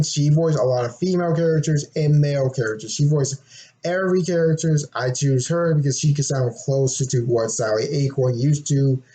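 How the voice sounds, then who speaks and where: Young male fan, casual rambling monologue, slightly hoarse, mid-pitched. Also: warm tone, rough recording. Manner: rambling, with many restarts and throat clearing. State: a little hoarse, throat getting sore. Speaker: fan presenting his game concept.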